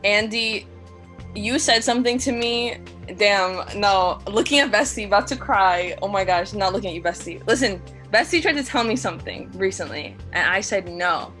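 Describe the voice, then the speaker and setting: A woman's voice: mid-range voice, expressive, moderate pace, fairly bright tone, faint music behind. A woman saying farewell after being voted out of an online game show, swearing freely, stammering and repeating herself. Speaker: eliminated game show contestant. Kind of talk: emotional farewell speech on a video call.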